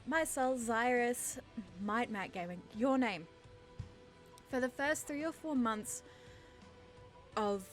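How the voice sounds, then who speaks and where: Host, woman, 30s, Australian-born with an English-sounding lilt, nervous and self-deprecating, faint music under her voice. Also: mid-range voice. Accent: English-sounding, from a British father. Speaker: channel host. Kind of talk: nervous Q&A chat to camera.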